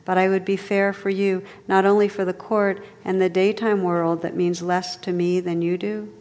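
A woman voicing a gentle, dignified enchanted noblewoman in a low, soft voice. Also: little pitch movement, normal speed, big-room sound, lightly acted. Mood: reproachful.

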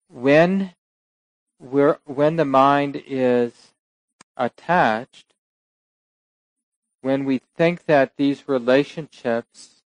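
Softly spoken man giving a dharma talk. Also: mid-range voice, no echo, rough recording. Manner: relaxed storytelling with soft asides and laughs. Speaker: dharma teacher.

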